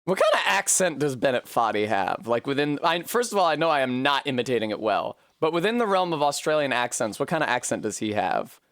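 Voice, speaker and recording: A man streaming a game live, animated and swearing freely between bursts of laughter. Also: medium pitch, a little fast, hardly any pauses, dry recording, clean studio sound. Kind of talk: live gameplay commentary.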